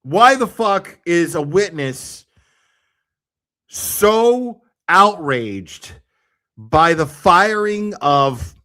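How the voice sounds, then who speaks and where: A man's voice: sits high, sharp tone. A man giving casual ranting commentary, swearing freely and sounding sarcastic and exasperated.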